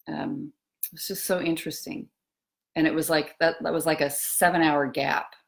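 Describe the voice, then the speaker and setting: Low-voiced woman, soft and musing. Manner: slow, soft and musing, with pauses and trailing phrases. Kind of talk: reflective live talk on eating and emotions.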